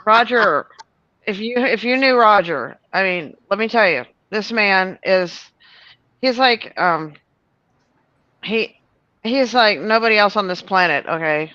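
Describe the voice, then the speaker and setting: A woman's voice: mid-range voice, measured pace, no echo, highs cut off. A woman telling a long, rambling story on a show, full of fillers and restarts. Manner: animated, many fillers and restarts.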